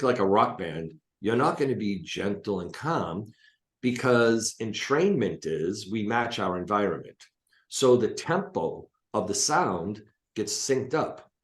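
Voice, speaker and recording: This hypnotist and coach, a man with a lowish voice, is a guest on a video call from his office, and the sound is reverberant. His casual teaching is emphatic, dotted with blunt remarks.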